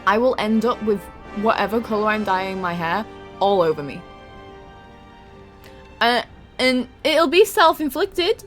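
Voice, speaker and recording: A woman's voice: medium pitch, expressive, unhurried, pauses often, faint music behind. A young adult woman streaming a game, chatting casually with her viewers, laughing often and swearing freely. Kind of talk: casual live-stream chat.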